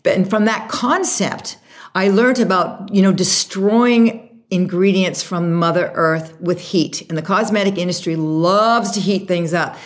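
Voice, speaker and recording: Lively woman telling an animated story. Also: fairly low pitch, a little slow. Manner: animated storyteller, acts out quotes. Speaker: guest, makeup artist and brand founder. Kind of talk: interview storytelling.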